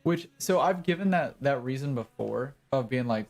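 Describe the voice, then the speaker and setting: A man's voice: medium pitch, expressive, normal speed, gravelly, faint music behind. A young adult man streaming a game, chatting casually in a rambling, joking, self-mocking way. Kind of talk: casual gaming commentary.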